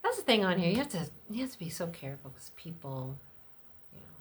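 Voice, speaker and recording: A woman's voice: big pitch swings, fast talker. A middle-aged woman talking candidly and rambling in a personal vlog, with fillers and the odd swear word. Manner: acts out other people's lines in a much higher voice. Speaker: vlogger. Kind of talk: unscripted personal vlog chat.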